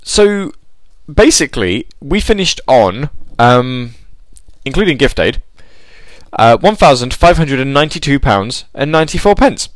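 A man's voice: medium pitch, very animated, measured pace, no room sound. A man hosting a casual live show, rambling with many ums and stopping to correct himself. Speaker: show host.

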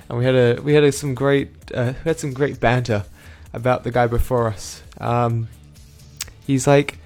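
A man's voice: medium pitch, moderate pace, a little mellow, faint music behind. Young aussie guy rambling thru a vlog recap, keeps correcting himself, dry asides. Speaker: vlogger.

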